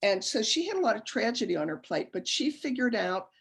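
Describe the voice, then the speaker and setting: A woman's voice: fairly high pitch, big pitch swings, fairly quick, gravelly, breathy edge. A middle-aged woman giving a humorous lecture, chatty and self-deprecating, breaking into laughter as she tells personal stories.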